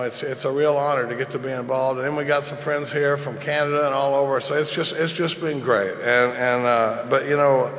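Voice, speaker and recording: A man's voice: medium pitch, a bit bright, roomy sound, in a large hall, rough recording. A man in his fifties giving a folksy, rambling recovery talk with jokes to a large convention crowd. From Dallas, Texas. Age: 50s. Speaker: recovery meeting speaker.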